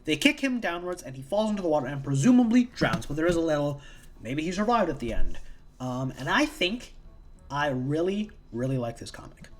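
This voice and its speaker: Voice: medium pitch, sing-song, brisk, slight background noise. A casual comic book reviewer recapping a story in a rambling, profane way that often repeats itself.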